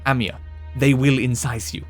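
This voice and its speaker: A man reading the lines of a stern older doctor from a game, in a measured, lecturing manner. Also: medium pitch, steady tone, soft background music, pitched below the performer's own voice, close to an everyday voice. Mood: grave.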